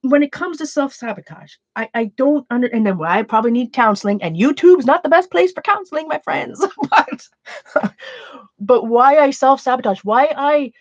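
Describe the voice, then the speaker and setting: A woman's voice: high-pitched, lively intonation, brisk, few pauses, no room sound, muffled recording. Rambling woman chatting on an art stream. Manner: rambling, self-questioning, many restarts. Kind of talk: casual livestream chat. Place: home art room with shelves.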